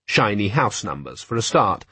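A man narrating an audiobook in a measured, wry storytelling manner. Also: lowish voice, very animated, bright, forceful tone, slightly rough, no echo. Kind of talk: scripted narration.

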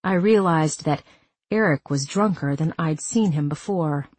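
A woman reading a first-person story aloud as an audiobook narrator, calm and measured. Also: low voice, breathy edge, no room sound.

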